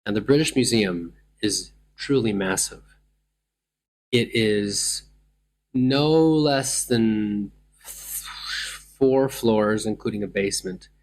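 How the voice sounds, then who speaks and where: A man's voice: lowish voice, takes it slowly, pauses often. Reflective man telling travel stories. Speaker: travel podcast host.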